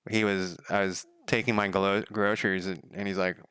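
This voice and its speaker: A man's voice: deep voice, level tone, normal speed, fairly bright tone, smooth, no room sound. A man streaming as a game developer, chatting casually at home, rambling through stories, swearing now and then and chuckling often. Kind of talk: casual chat.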